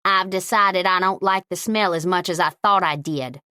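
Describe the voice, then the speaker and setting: A woman voicing a feisty, fiercely loyal older woman with a sharp, commanding manner in an audiobook. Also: on the low side, moderate pace, clear, resonant tone, dry recording, studio quality. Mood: scolding.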